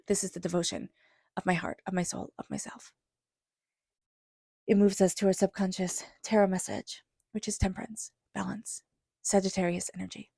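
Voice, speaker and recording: A woman giving a spiritual tarot reading in a soft, flowing voice with repeated affirmations. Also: medium pitch, vocal fry, dry recording, studio quality. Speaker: tarot reader.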